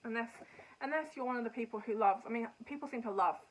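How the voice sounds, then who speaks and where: A woman's voice: on the high side, quick pace, a little hiss or hum, poor audio. A woman hosting a knitting podcast, chatting casually and frankly about books and shows she has finished. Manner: rambling, chatty, frank opinions. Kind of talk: casual chat reviewing books and TV.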